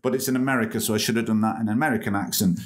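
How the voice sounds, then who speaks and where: A man's voice: fairly low pitch, fairly even intonation, very fast. A British man hosting a comedy podcast, reading an article aloud with jokey puns and asides. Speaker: podcast host.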